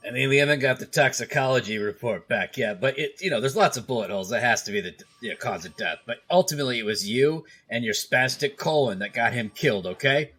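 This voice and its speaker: A man's voice: mid-range voice, expressive, fast talker, hardly any pauses, fairly bright tone, husky. A man playing a scolding, exasperated police chief in an improv comedy scene.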